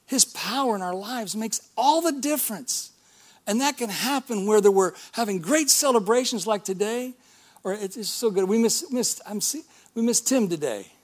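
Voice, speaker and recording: A middle-aged male pastor preaching a sermon in a church, talking in a conversational way with rhetorical questions and calls of amen. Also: sits high.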